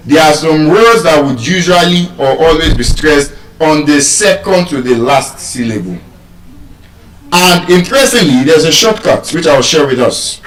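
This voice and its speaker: A man giving a live lesson on word stress, deliberate and teacherly, repeating key terms. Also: fairly high pitch, a bit bright. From Nigeria. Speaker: English language teacher. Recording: roomy sound, mic far off.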